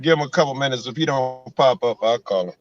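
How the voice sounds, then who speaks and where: A man's voice: mid-range voice, fast talker, highs cut off, slight background noise. A man chatting casually as a live stream guest, easygoing and rambling. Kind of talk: casual chat.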